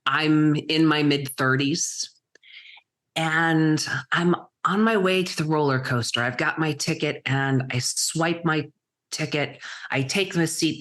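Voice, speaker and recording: A middle-aged woman, a guest entrepreneur, telling her story in vivid present tense with dramatic pauses. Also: sits low, a bit bright. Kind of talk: storytelling interview answer.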